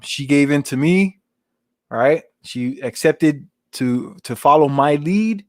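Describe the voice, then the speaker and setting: A man's voice: medium pitch, no echo, studio quality. A man in his forties hosting his channel, giving casual rambling advice in street slang and often asking "you know what I'm saying". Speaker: channel host.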